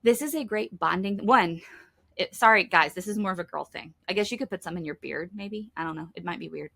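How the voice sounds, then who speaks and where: A woman's voice: lowish voice, a little fast, creaky, pushed and bright. A middle-aged woman hosting a children's ministry podcast, chatting casually and with enthusiasm as she recommends favorite products, full of asides and fillers. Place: home, in Kentucky.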